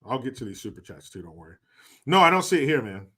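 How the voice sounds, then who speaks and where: Crude, bright-voiced joking streamer man. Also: medium pitch, very animated, fast. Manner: crude, joking, laughs often, reads viewer donations. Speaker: livestream host. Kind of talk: casual livestream commentary.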